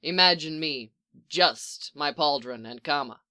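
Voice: medium pitch, unhurried, bright, forceful tone, pitched below the performer's own voice. A reader voicing a tired, profane clone soldier captain who bickers with his commander in a told story. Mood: breathless, teasing. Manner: swears a lot, blunt and scrappy. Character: weary soldier clone man, profane, teasing.

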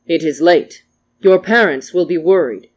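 A storyteller voicing a calm, mournful samurai man who speaks softly and formally. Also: mid-range voice, close to an everyday voice. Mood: solemn. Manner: soft, formal, measured speech.

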